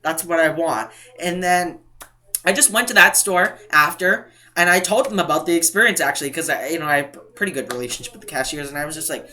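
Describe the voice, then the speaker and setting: Bright-voiced, indignant young man. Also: a little high, quick pace. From New England. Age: young adult. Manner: animated, indignant retelling, acts out quotes. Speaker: couponing vlogger. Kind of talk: casual storytime vlog.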